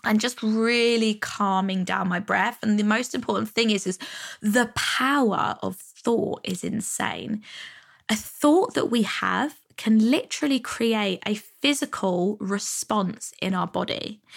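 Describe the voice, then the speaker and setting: A woman's voice: mid-range voice, measured pace, creaky. Chatty woman podcaster. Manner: chatty, lots of fillers like "you know" and "like". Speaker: podcast host. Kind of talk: casual self-help podcast monologue.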